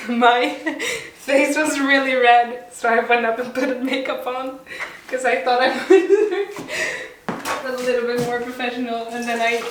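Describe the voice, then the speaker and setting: A young woman, talking casually and joking at her own expense while she bakes at home. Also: fairly high pitch. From Sweden. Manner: rambling, playful and self-mocking. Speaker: home baking vlogger. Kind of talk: casual chat while cooking. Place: home kitchen. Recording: roomy kitchen with background noise.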